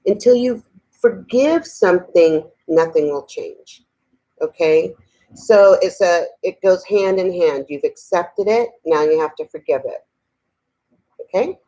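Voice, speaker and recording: A middle-aged woman teaching a spiritual talk in a conversational way, often asking "okay?", then slowing and softening to lead a guided meditation. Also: fairly low pitch, expressive, low-quality recording. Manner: slows and softens while guiding breathing.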